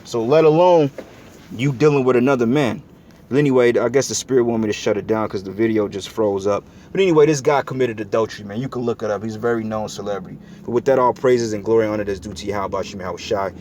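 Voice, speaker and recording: A man's voice: on the low side, fast talker, darkish tone, slight background noise. A man giving a preaching commentary, talking blunt and profane in a street style that gets heated. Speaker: religious video commentator.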